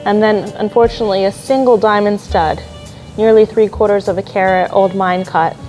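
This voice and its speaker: Woman walking through jewelry lots, mellow. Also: mid-range voice, fairly even intonation, normal speed, soft background music, poor audio. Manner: describes items one by one, admiring, with small apologies and fillers. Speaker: auction house jewelry specialist. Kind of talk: auction preview walkthrough.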